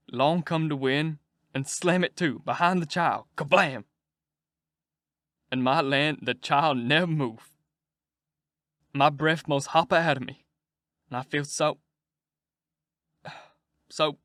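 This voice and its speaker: Man putting on a sorrowful country dad, slow drawl, dry booth, nothing behind. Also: on the high side, a bit bright, no room sound. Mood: agitated. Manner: slow rural dialect, heartfelt storytelling. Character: grieving adult man, a plain-spoken father.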